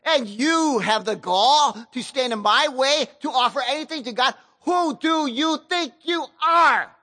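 A man preacher acting out an arrogant ancient king who shouts indignant questions. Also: high-pitched, measured pace, heavily acted. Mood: furious. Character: proud furious ancient king, male adult.

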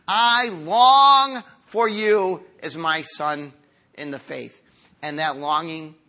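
A man in his fifties preaching a sermon to a congregation, earnest and conversational, moving from quiet, slow lines to emphatic ones. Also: sits high. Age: 50s. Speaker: pastor.

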